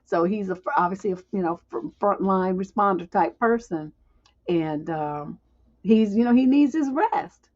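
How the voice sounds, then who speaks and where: A woman's voice: medium pitch, expressive, measured pace, a little mellow. A woman hosting a livestream relationship advice show, giving blunt, profane advice with chatty, laughing asides. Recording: dull lo-fi stream audio.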